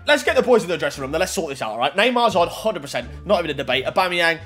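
A young man giving gameplay commentary on a football video game, excitable and talking straight to the game and his viewers. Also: a little high, rapid-fire, hardly any pauses, soft background music. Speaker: gaming YouTuber.

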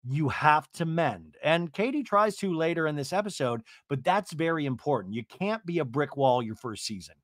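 A man hosting a podcast, recapping a reality show in a chatty, animated way and swearing casually. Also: fairly high pitch, moderate pace, hardly any pauses, dry recording, clean studio sound. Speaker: podcast host.

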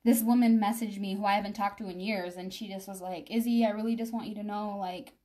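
A young woman talks through her makeup routine on a live stream. She rambles in an easy, chatty way and speaks straight to her viewers. Her voice sits at an ordinary middle pitch. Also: fairly even intonation, fast talker, warm tone. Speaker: makeup vlogger. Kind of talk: casual live-stream chat while doing makeup.

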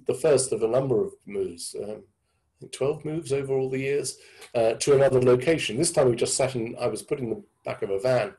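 An English man in his sixties telling his story thoughtfully over a video call, halting with many restarts. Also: mid-range voice, mellow, rough recording. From England. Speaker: guest speaker. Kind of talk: reflective storytelling talk. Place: indoor room with a door behind.

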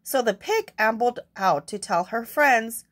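A woman's voice: a little high, animated, unhurried. A young woman reading a picture book aloud expressively, adding asides to her listeners. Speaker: storyteller.

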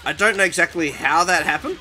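Excitable man, lively high voice. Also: brisk, slight background noise. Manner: excitable, panicky reactions, talks to opponent. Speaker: gaming YouTuber. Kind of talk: live gameplay commentary. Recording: game music behind voice.

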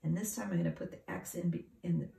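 A woman teacher leads a phonics lesson for young children, sounding out each word part with slow, unhurried care. Her voice sits low, mellow and noticeably gravelly. Now and then she slips into a whisper. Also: sing-song, faint music behind.

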